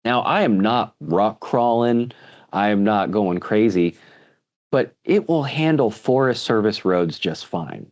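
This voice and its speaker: A man's voice: lowish voice, lively intonation, measured pace, darkish tone, highs cut off. A man speaking as a guest in a casual interview, earnest and full of restarts. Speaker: podcast guest, author.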